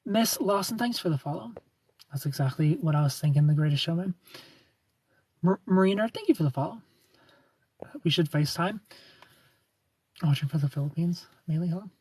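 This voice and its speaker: A young man with a Southern US accent hosts a casual livestream, teasing and greeting viewers by name. His voice sits a little higher than most men's. The sound is dry and close, with no room echo. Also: animated, normal speed, long pauses, a little mellow, husky. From United States. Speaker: livestream host. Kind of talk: casual chat with live viewers.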